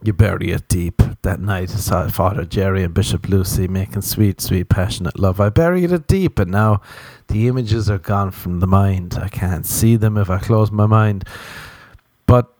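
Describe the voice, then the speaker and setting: A man's voice: deep voice, normal speed, darkish tone. A young Irish man hosting a podcast, telling crude, jokey, rambling comic stories. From Ireland. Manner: crude, jokey, tangential storytelling. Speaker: podcast host. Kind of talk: rambling comedic monologue.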